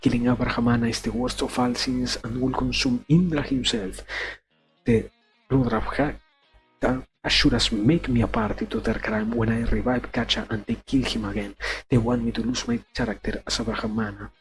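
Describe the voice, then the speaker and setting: A man reading the lines of a stern, weary old sage speaking to his daughter, a little quieter and lower than his normal voice. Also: fairly even intonation, moderate pace, soft background music, close to an everyday voice, rough recording.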